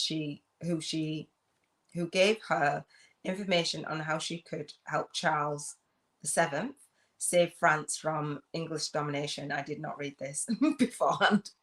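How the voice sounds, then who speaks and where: A woman hosting a casual livestream, chatting, reading aloud haltingly and laughing often. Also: low-pitched. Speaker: host.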